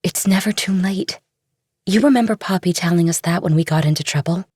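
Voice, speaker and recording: Cast: a low-voiced, husky young woman in an audiobook drama, earnest and caring. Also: a little fast, no echo, studio quality. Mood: pleading. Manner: soft, earnest pleading.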